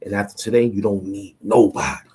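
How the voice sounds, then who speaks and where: A man retelling the words of an easygoing maintenance worker at a shelter, in a low voice with plain, friendly street talk. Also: fairly even intonation, a little fast, darkish tone, breathy edge. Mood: kindly.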